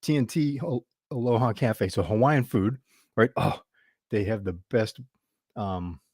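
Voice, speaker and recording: A man's voice: fairly low pitch, a little slow, darkish tone, no echo. Chatty man telling a story, dry sound. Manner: storytelling, chatty, with restarts and quoted dialogue. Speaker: business show host. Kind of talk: casual talk to camera.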